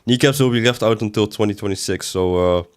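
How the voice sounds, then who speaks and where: A man's voice: lowish voice, brisk, smooth. A man doing casual livestream commentary as a game streamer, reading chat aloud and answering it in a rambling way with sudden exasperated outbursts.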